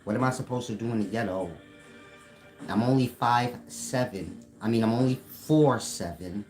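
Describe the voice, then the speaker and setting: A man's voice: medium pitch, moderate pace, darkish tone, faint music behind, low-quality recording. A man in casual online talk, slangy and mocking, who laughs often at his own jokes. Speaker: online commentator.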